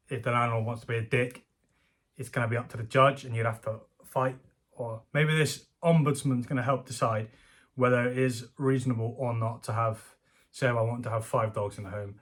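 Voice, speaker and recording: A man's voice: medium pitch, fairly bright tone. A man giving casual, jokey commentary from home as a YouTuber, rambling and laughing often. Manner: chatty, jokey, self-deprecating, laughs often. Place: home room.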